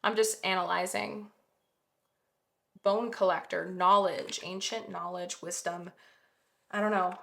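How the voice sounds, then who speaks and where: Bright-voiced woman giving a tarot reading. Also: fairly low pitch, fairly even intonation, a little slow, creaky, long pauses, roomy sound. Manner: earnest, reassuring, talks straight to the viewer. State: yawning, a bit sleepy. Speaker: tarot reader. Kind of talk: pick-a-card tarot reading.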